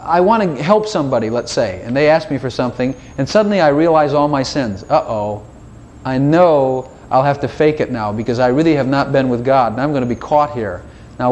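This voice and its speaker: A man with a slightly raised pitch gives an informal sermon in a loose, chatty way. He is animated and playful, slipping in little asides and acting out his own prayers as quoted dialogue. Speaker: preacher.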